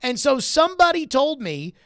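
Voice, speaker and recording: A man's voice: very high voice, very animated, moderate pace, a bit bright, dry recording. A man hosting a sports talk radio show, arguing his point emphatically and repeating key phrases for stress, on a studio microphone.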